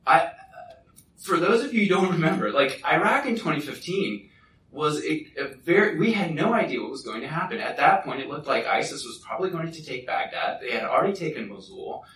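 A man giving a personal testimony at a church, telling a lively story and acting out what others said. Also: fairly high pitch, fairly quick. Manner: lively storyteller who acts out what people said. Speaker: guest speaker at a church. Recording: echoey hall, mic from a distance.

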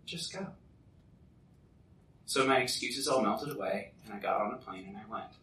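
A man giving a personal testimony at a church, telling a lively story and acting out what others said. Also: lowish voice, fairly quick. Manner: lively storyteller who acts out what people said. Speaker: guest speaker at a church. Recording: echoey hall, mic from a distance.

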